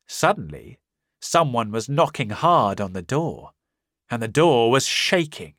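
Male narrator, storybook, slow careful reading, animated pitch, dry close sound. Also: no echo. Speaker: audiobook narrator. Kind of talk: scripted narration of a simplified reader.

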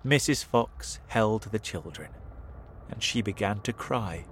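A man reading a children's storybook aloud in an expressive manner. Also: lowish voice, slow, background noise. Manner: animated, expressive read-aloud delivery. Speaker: narrator.

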